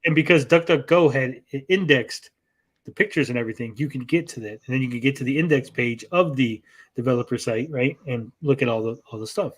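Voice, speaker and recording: A man's voice: medium pitch, fairly quick, a bit bright. A man hosting a reaction stream, telling a long story in casual chat, often ending sentences with "right?" and acting out quoted lines in a raised voice. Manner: acts out quoted exchanges in a raised voice.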